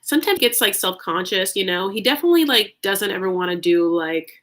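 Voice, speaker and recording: A woman's voice: medium pitch, expressive, a little fast, a bit bright. A woman hosting a casual livestream recap, chatting loosely, saying "like" a lot and answering viewer comments. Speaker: recap show host.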